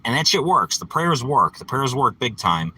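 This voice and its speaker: Agitated man vlogging from his car, bright tense voice, swears constantly, close phone mic. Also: mid-range voice, very animated, moderate pace, breathy edge, low-quality recording. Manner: profane, agitated ranting. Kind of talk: ranting vlog from his car. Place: inside a parked car.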